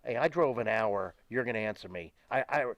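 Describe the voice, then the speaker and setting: A man's voice: on the low side, expressive, a little fast, a bit bright, no echo. An older man, a retired pro wrestler, ranting emphatically and with profanity as a guest in a studio interview.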